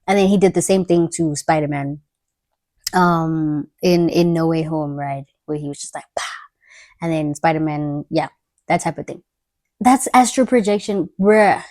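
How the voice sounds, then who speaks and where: A woman's voice: low-pitched, moderate pace, a little mellow. A young woman, talking candidly and in slang as she tells stories in a casual diary vlog. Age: young adult. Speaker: vlogger.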